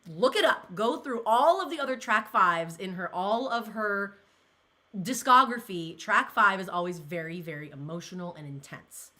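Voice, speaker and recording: A young woman chats casually to her viewers in a bright, ringing voice. She rambles and gushes, her pitch leaping around as she gets emotional. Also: animated, normal speed. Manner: gushing, rambling, many "like"s, emotional. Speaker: pop culture vlogger. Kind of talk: casual chat, reacting to comments.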